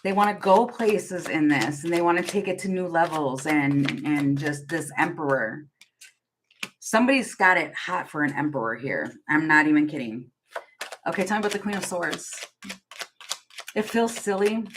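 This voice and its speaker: A woman reads tarot cards aloud in a loose, wandering monologue, often restarting her sentences and breaking into giggles. Her voice sits on the low side. A faint noise hums behind her. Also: expressive, moderate pace. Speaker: tarot reader. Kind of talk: casual tarot reading monologue.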